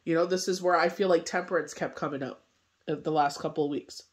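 A man's voice: fairly high pitch, steady tone, fast. A man reading tarot cards in a casual spoken forecast, talking in a loose, rambling way full of fillers. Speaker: tarot reader and medium.

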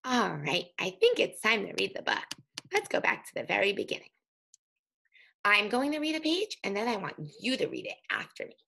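A woman teaching an early reading lesson, speaking slowly and sounding out letters for young children. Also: mid-range voice, huge pitch swings, gravelly, pushed and bright. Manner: slow, sing-song, sounding out letters.

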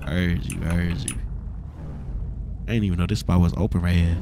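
A young man with a New York accent, slangy and relaxed, roleplaying a date while sounding sick and stuffy. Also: deep voice, a little fast, gravelly, a little hiss or hum. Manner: slangy, repeats "you feel me". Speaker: streamer playing a character. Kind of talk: casual roleplay chat.

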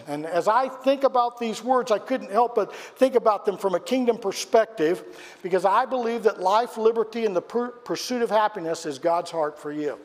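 A man with a high voice preaches a sermon as pastor, in a hall with a long echo. He tells a story dramatically and puts questions to the congregation. His voice climbs for shouted quotes and sinks low to drive a point home. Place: church sanctuary. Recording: church hall with long reverb.

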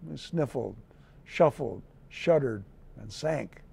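Gravelly, slow-reading mayor. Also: male voice, medium pitch, dull audio. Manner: gentle, slow storytelling with lively read-aloud voices. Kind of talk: reading a picture book aloud.

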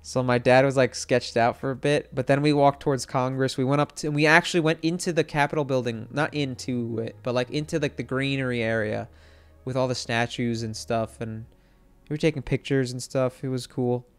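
A young man telling a story to his stream chat, excitable and rambling, with lots of fillers and swearing. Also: medium pitch, a little fast, clear, resonant tone, faint music behind.

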